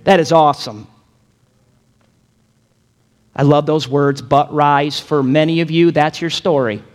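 Pastor guy preaching, kinda high voice, big echoey hall, gets loud and punchy. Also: steady tone, a little slow. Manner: dynamic preaching, acts out quotes, builds to emphatic peaks. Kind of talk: sermon.

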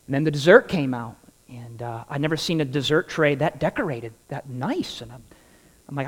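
A man's voice: mid-range voice, lively intonation, normal speed, in a large hall. A man preaching a sermon, telling a humorous personal story and acting out the dialogue before drawing the lesson. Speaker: pastor.

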